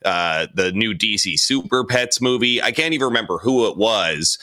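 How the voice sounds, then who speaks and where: A man in his thirties talks through a casual podcast conversation. His voice sits lowish and sounds bright, and he swears freely while giving his opinions. The recording is dry and close. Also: lively intonation, normal speed, no room sound. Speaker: podcast co-host. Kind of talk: casual chat.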